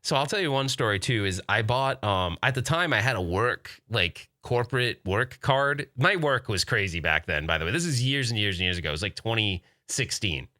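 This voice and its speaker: A man's voice: lowish voice, animated, fairly quick, few pauses, bright, forceful tone, no room sound, clean studio sound. A man in his forties hosting a podcast, rambling casually through listener questions and laughing often. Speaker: podcast host. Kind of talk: casual chat reading live chat questions.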